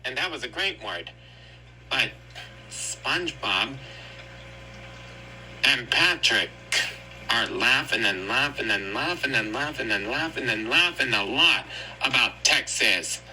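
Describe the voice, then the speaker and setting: A man's voice: medium pitch, animated, takes it slowly, long pauses, bright, forceful tone, slight background noise, poor audio. A man casually retelling a cartoon episode in a rambling, repetitive way. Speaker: storyteller.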